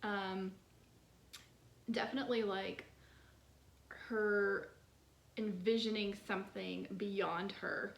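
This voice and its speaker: A woman's voice: mid-range voice, steady tone, slow pace, gravelly, pauses often, reverberant. A woman hosting a poetry channel, talking through poems in a casual, chatty way, full of "like" fillers. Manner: chatty, many "like" fillers, soft laughs.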